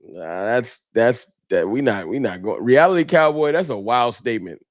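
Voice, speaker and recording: A man's voice: mid-range voice, lively intonation, moderate pace. A laid-back man hosts a casual livestream and chats easily into his mic as viewers come in. His voice sits in the middle of the male range, and he keeps an easygoing, slangy, friendly rhythm. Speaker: host of a fan livestream.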